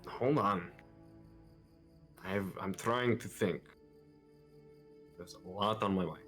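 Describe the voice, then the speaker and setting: A man's voice: low-pitched, takes it slowly, a bit bright, faint music behind. A man playing a tabletop game, speaking bluntly and expressively in character. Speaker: player.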